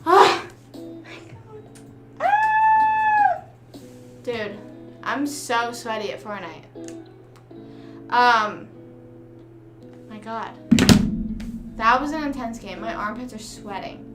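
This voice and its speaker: Young woman streamer, slightly high voice, rambling casual storyteller, roomy echo with music behind. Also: slow, pauses often. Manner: chatty, rambling storytelling with quoted dialogue. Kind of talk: casual chat while gaming live. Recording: roomy room with music playing.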